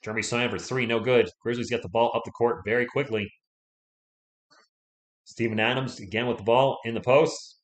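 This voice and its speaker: A man's voice: mid-range voice, steady tone, brisk, pauses often. A man doing casual solo play-by-play on a livestream, chatting with viewers and reading their messages between plays. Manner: chatty, reads chat aloud and thanks viewers between plays. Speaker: live stream play-by-play host.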